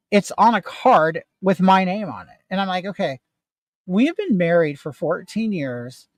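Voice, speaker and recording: Brief: middle-aged man with a high, bright voice, animated and indignant storytelling, dry close sound. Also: no room sound. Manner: animated, indignant retelling with rising emphasis. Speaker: vlogger. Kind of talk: casual storytelling while doing makeup.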